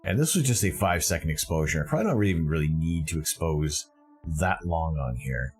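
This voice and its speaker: A man's voice: rumbling low, animated, brisk, faint music behind. A man from Canada hosting a live stream, talking casually and with enthusiasm in a rambling way, often correcting himself mid-sentence.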